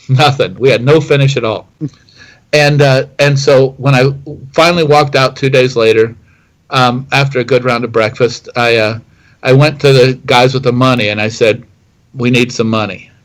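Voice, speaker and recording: Middle-aged guy rambling thru a story, lots of ums and restarts, medium pitch. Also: fairly even intonation, moderate pace, poor audio. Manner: rambling with many fillers and restarts. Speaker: whiskey distiller guest. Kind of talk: storytelling interview answer.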